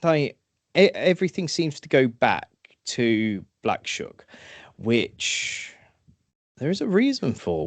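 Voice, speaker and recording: A man from East Anglia hosting a podcast, playful and quick to laugh, who moves into storytelling narration. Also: mid-range voice, sing-song, no echo. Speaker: podcast host. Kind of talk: casual chat and storytelling narration.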